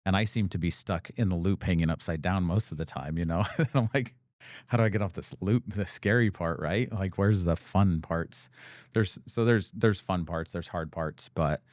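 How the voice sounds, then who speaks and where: A man's voice: deep voice, normal speed, a little mellow, no room sound, studio quality. A man, a business owner and guest, telling his story in a casual, rambling way with many fillers and acted-out quotes. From United States. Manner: rambling, full of "like" fillers, acts out quoted dialogue.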